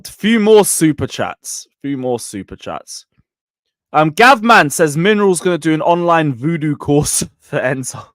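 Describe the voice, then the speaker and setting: Excitable streamer with a lively voice. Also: male voice, a little high, dry recording, clean studio sound. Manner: excitable, mocking banter. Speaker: streamer hosting a live football chat. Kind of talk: live-stream football chat reading super chats.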